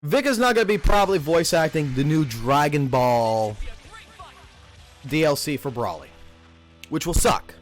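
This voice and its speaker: A man in his thirties with a fairly high voice rambles through a profane rant during casual livestream commentary. He's unhurried and pauses often, yet his delivery is animated, with faint guitar music playing underneath.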